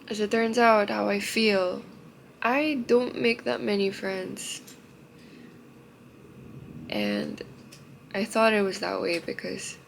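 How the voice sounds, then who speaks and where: Tearful young woman, slow and gravelly. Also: mid-range voice, lively intonation, slight background noise, poor audio. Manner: halting, emotional, trailing off into soft murmurs. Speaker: vlogger. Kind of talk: confessional vlog.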